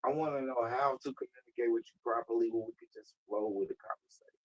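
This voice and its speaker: A man's voice: mid-range voice, a little mellow, a little hiss or hum, rough recording. A man streaming live while talking to a voice assistant, blunt, slangy and profane, often laughing. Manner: says he talks fast. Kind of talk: casual live-stream chat.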